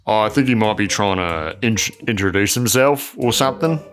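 A man playing a tabletop game, agreeable and quick to chime in with crude jokes. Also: fairly low pitch, lively intonation, fairly bright tone. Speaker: player. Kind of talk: casual tabletop role-play.

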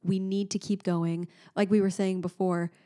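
A woman in her thirties co-hosting a casual chat, telling stories in an animated way and often trailing off to restart. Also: medium pitch, moderate pace. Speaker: podcast co-host.

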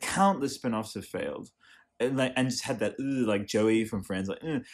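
A man hosting a casual podcast interview, excitable and riffing, swearing freely. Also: on the low side, moderate pace. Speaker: podcast host.

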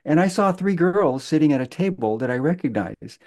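A man speaking as a guest, telling a story in a halting way with many fillers and restarts. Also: a little high, expressive, a little mellow. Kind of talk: conversational storytelling.

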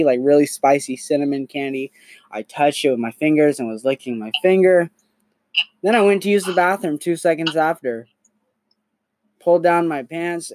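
A young man hosting a podcast in a casual, crude, animated storytelling manner. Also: medium pitch, no room sound. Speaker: podcast host.

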